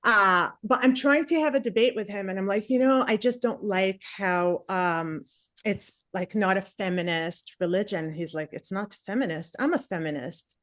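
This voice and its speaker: Woman comic, mid-pitch, chatty stand-up delivery, self-deprecating, lively asides. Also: normal speed, no echo, clean studio sound. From Palestinian family. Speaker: stand-up comedian. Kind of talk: stand-up comedy set. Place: comedy stage before a live audience.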